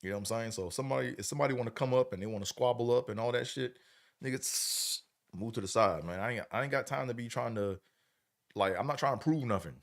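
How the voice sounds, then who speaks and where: A man's voice: mid-range voice, fast talker, vocal fry. A middle-aged man hosting a livestream, chatting casually in a laid-back, rambling, slangy way and often checking in with the listener. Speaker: livestream host.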